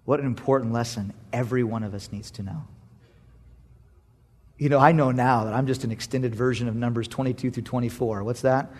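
Telling a personal story from the pulpit, this pastor alternates between booming exclamations and hushed asides and laughs a lot. He speaks at a medium pitch and fairly quickly.

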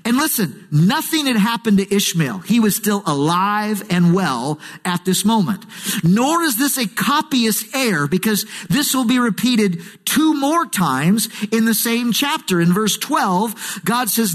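A man's voice: high-pitched, measured pace. A man preaching a sermon as pastor, storytelling with humor and acting out quoted voices. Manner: animated, switching into quoted voices. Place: church sanctuary.

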